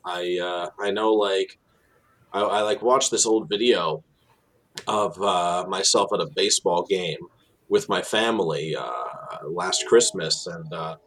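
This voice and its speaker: Man, New Jersey accent, very low voice, rambling storyteller, tour guide. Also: fairly bright tone. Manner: storytelling, frequent fillers and restarts. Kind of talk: casual interview talk.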